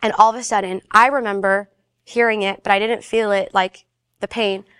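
A woman telling a personal faith story in a casual, animated way, briefly acting out the voices of the people in it. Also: mid-range voice, normal speed, smooth, no room sound, studio quality. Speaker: guest sharing her faith testimony.

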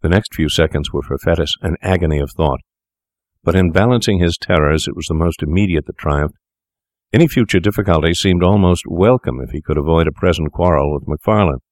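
A man reading a classic tale aloud as narrator, steady and measured. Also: sits low, no room sound, studio quality.

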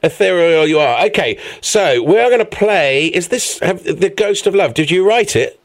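A man's voice: high voice, expressive, normal speed, dry recording. A man hosting a radio show, chatty and playful as he interviews a guest.

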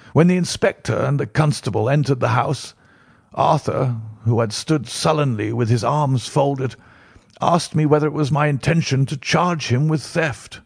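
A man narrating a classic first-person story as an audiobook, in a measured, formal storytelling way. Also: mid-range voice, creaky, breathy edge, dry recording, clean studio sound.

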